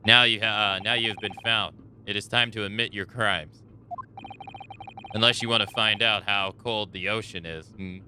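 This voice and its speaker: A man's voice: fairly low pitch, steady tone, normal speed, sharp tone, a little hiss or hum, voice pushed down. A man putting on a stern middle-aged Russian ship officer with clipped, broken English while reading game dialogue aloud. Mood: accusing.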